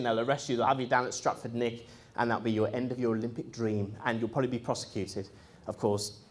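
Brief: man, mid-range voice, animated first-person anecdote for a room, laughs often, loose and chatty. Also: medium pitch. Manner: animated, breaks into laughter, mimics people he quotes; frequent ums and uhs, conversational. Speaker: speaker recounting his experience. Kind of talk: anecdotal storytelling to a live audience.

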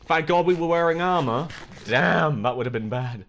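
A young UK gaming streamer talks at normal speed in a medium-pitched voice. He gives casual live commentary on his game, joking excitably with viewers and yelping when he gets startled.

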